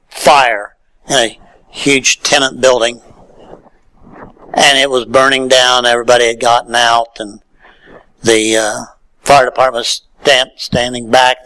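A male pastor preaching a sermon in a folksy way, swinging from loud calls to near-whispered lines. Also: mid-range voice, level tone, measured pace, low-quality recording.

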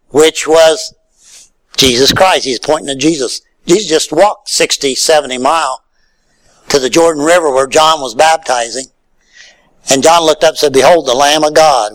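A man preaching a sermon, swinging between loud emphatic lines and hushed low ones. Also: poor audio.

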